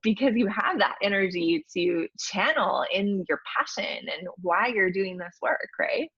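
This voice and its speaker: A woman hosting a podcast in a casual, reflective way, warmly affirming her guest. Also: mid-range voice, expressive, unhurried, slightly rough, dry recording, lo-fi sound. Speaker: podcast host. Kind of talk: casual conversational interview.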